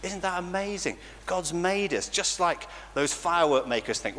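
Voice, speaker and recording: A lively English man speaks in a fairly high, bouncing voice as he gives a playful children's talk in church. His words ring out with a long church reverb over a faint hiss of background noise. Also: normal speed, hardly any pauses. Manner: animated and playful, laughing often. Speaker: church leader.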